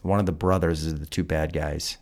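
A man's voice: rumbling low, flat delivery, a little fast, a little mellow. A man hosting a podcast, recapping a film in a casual, profane and incredulous rant. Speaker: podcast host. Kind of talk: casual film review chat.

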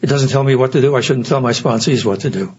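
A man's voice: medium pitch, fast talker, darkish tone, muffled recording. An older man giving an earnest, reflective personal talk at a recovery meeting. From United States. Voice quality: very husky.

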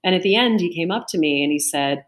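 A middle-aged woman, an auctioneer and author, telling a lively anecdote in an interview over a video call and acting out what people said. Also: fairly low pitch, quick pace. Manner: lively anecdotal storytelling, acts out quotes. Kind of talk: storytelling interview answer. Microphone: remote video call.

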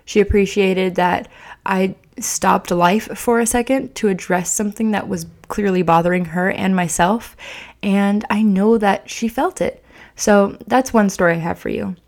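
A woman's voice: medium pitch, unhurried, a little mellow. A young woman hosting a podcast, speaking candidly and confessionally about parenting mistakes, with frequent fillers and restarts. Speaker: podcast host. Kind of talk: casual personal podcast talk.

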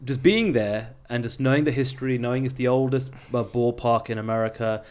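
A man's voice: mid-range voice, brisk, darkish tone. A man from England, chatting casually on a podcast, jokey and self-deprecating. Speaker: podcast co-host. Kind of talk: casual chat.

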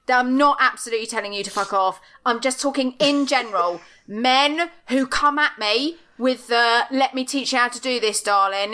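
A woman's voice: on the high side, sharp tone. A middle-aged woman co-hosting a podcast over a video call, ranting bluntly and with emphasis, swearing freely. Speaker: podcast co-host. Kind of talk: passionate casual rant.

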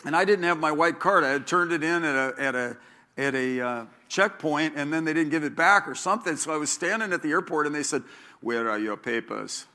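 A man's voice: on the high side, sharp tone. A man preaching a sermon as pastor, repeating key lines and telling stories with a laugh.

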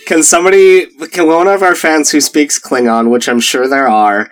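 A podcast co-host in casual chat, making wry, deadpan jokes. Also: mid-range voice, normal speed, poor audio. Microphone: podcast microphone.

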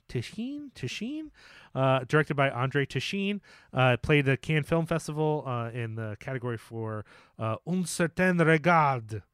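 A man's voice: medium pitch, a bit bright, smooth, no echo, studio quality. A man co-hosting a casual film podcast, talking loosely with many fillers, restarts and jokes. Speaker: podcast co-host.

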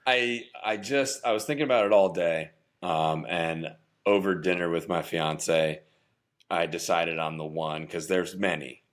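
Low-voiced chatty male actor. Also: fairly even intonation, a little slow. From New Jersey. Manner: upbeat, chatty storyteller with fillers. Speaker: actor, podcast guest. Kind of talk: casual interview storytelling.

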